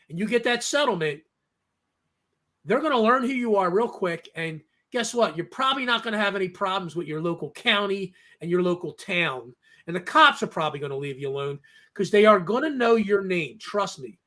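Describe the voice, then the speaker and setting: A man with a notably high voice hosts a casual talk discussion. He talks emphatically, drives each point home with a quick "okay?", and acts out the voices of people in his stories. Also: a bit bright. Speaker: host.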